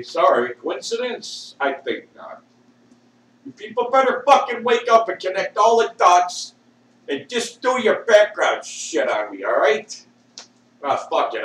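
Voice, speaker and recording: A man rants at a slow, dragging pace and curses constantly, lurching from shouts to mutters with a fairly high voice that swings up and down. He sits well back from the mic in a bare, echoey room, and a faint hiss runs under everything. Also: distant mic. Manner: swears constantly. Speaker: vlogger. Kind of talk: rambling profane rant. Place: at home with a dog.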